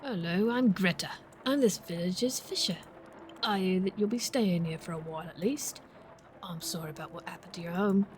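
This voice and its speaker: A woman's voice: lowish voice, normal speed, darkish tone, slight background noise, lightly acted. A woman voicing Greta, a kind, motherly animal fisherwoman in a farming game, with a homely way of talking.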